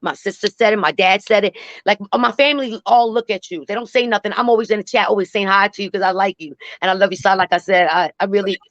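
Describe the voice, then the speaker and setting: A woman's voice: mid-range voice, fairly even intonation, quick pace, no room sound, lo-fi sound. A woman calling into a live stream, speaking bluntly, cursing and repeating herself. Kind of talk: emotional call-in rant.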